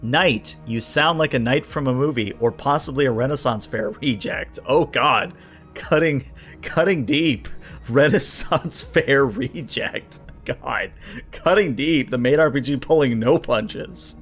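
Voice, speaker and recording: A man's voice: medium pitch, unhurried, a bit bright. Man, casual livestream commentary, reads entries and riffs, talks to chat, filler words, faint background music. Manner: thinks aloud, reads list entries then riffs on them; chatty, answers chat, frequent filler words and restarts. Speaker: streamer reviewing a tabletop RPG book.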